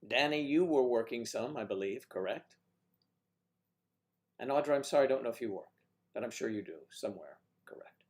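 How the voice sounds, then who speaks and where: A man's voice: mid-range voice, expressive, brisk, long pauses, darkish tone. A man hosting a casual livestream chat with guests, rambling and teasing with jokes, talking into a computer mic. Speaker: livestream host.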